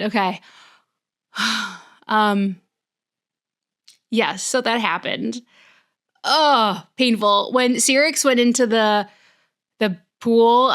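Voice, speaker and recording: A woman's voice: medium pitch, vocal fry, a bit bright. A young woman vlogging about a novel she is reading, talking casually and rambling with lots of fillers and restarts. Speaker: book vlogger. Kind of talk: casual chat.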